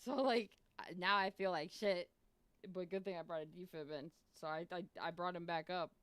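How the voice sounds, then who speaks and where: A woman's voice: lowish voice, moderate pace, fairly bright tone, smooth, dry recording. A woman streamer casually telling a story to her viewers, rambling with lots of "like" and plenty of swearing, acting out both sides of conversations. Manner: rambling, full of "like" and frequent swearing; retells chats by voicing both sides. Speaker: game streamer.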